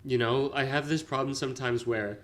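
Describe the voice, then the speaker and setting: Male podcast co-host, mid-pitched, casual storyteller who performs quoted dialogue. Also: steady tone, brisk, a bit bright. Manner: retells scenes, acting out quoted lines. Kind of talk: casual film review chat.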